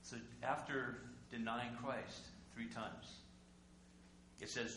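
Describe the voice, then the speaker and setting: A male pastor preaching a conversational sermon, full of rhetorical questions and sudden drops to a hush. His voice is bright and forceful at a middle pitch. It rings through an echoey church with a faint hum underneath. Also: fairly even intonation, slow pace. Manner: conversational, with rhetorical questions and dramatic swings in loudness. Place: church sanctuary.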